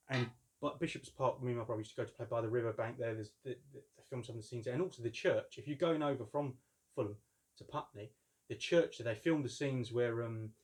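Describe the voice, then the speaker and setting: A man of about fifty, chatting casually and telling jokey stories as he unboxes a collectible. His voice sits at a plain mid pitch, and he rambles with easy humour. The sound comes from a camera mic indoors at home. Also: darkish tone. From London, England. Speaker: collector reviewing a figure.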